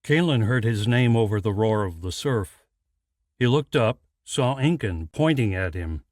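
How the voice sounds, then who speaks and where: A man narrating a fantasy audiobook in a measured, deliberate scripted read. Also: lowish voice, expressive, no room sound, clean studio sound.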